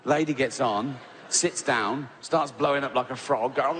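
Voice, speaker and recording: A man's voice: a little high, lively intonation, normal speed, hardly any pauses, a loud crowd, heavy background noise. A middle-aged English man doing a stand-up comedy routine, telling a story with sarcastic, mock-outraged asides and exaggerated quoted voices. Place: large theatre with live audience. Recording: live hall recording with audience laughter.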